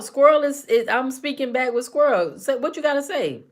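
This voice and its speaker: A woman's voice: high-pitched, moderate pace, few pauses. A woman hosting a casual live stream, talking back to her chat commenters by name with teasing, repetitive banter.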